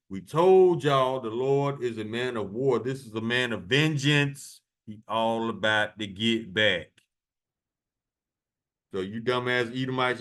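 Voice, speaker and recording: A man's voice: medium pitch, a bit bright. A man preaching fiery sermons, reading verses aloud in solemn tones and then taunting his enemies with profanity.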